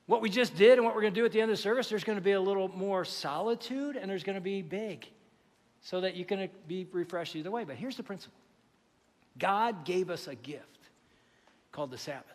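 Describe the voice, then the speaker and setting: A man preaches a sermon from a church stage, his voice sitting high for a man. He is lively and joking, stopping often to quiz the congregation. The sound carries a long reverb. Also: a little fast. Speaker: pastor. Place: church sanctuary.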